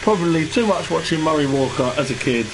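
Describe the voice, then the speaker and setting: A man giving relaxed live commentary on an online race and greeting viewers in the chat. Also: a little high, brisk, over music. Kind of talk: live sim-racing commentary. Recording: noisy stream with engine sound behind.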